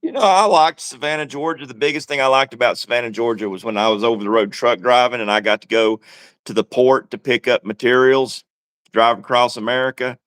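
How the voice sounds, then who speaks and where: A man's voice: medium pitch, brisk, fairly bright tone, dry recording. Laid-back wry man on a dry mic. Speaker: livestream co-host. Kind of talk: casual livestream chat.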